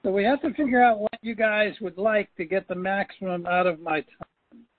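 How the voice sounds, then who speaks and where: A little hiss or hum sits under this dry phone call, where a sales coach with a high-pitched, fairly even voice talks at a moderate pace. He coaches his trainees emphatically, repeating points to stress them.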